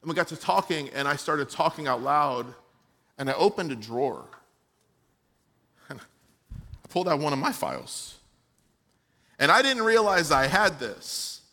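A pastor delivers a sermon to his own congregation in a high, bright voice. He tells a personal story and moves between hushed, soft moments and emphatic, raised passages. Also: big pitch swings, measured pace, long pauses. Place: church.

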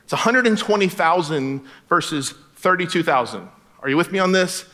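A man with a high, bright voice preaching a sermon. He is animated and joking, and he slips into casual voices for the characters. The tone stays sharp and forward throughout. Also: moderate pace. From Florida. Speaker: pastor.

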